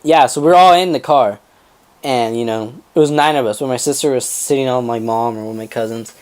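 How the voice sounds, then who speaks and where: Young man telling a lively story. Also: medium pitch, a little fast, smooth. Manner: animated, acts out family members' voices, swears freely, laughs mid-story. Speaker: podcast co-host. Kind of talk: casual storytelling chat.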